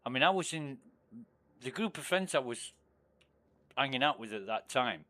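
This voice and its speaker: A man on a casual game livestream, rambling through a story with plenty of swearing. His voice sits in an average middle pitch and often drops to a low mutter between points. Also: lively intonation, moderate pace, bright, forceful tone. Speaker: game streamer.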